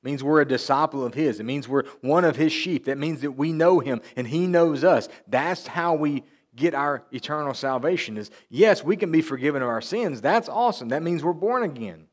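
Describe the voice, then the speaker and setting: A man preaching a sermon in a church, repeating key phrases and reading scripture slowly for emphasis. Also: a little high, lively intonation. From Tennessee. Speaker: pastor. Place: church sanctuary.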